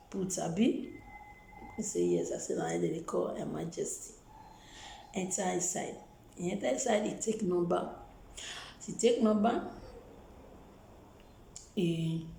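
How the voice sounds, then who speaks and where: A woman's voice: fairly low pitch, vocal fry, warm tone, echoey room, slight background noise, rough recording. A woman with a Nigerian accent who talks to her viewers about her faith and encourages them, often repeating phrases for emphasis. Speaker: vlogger.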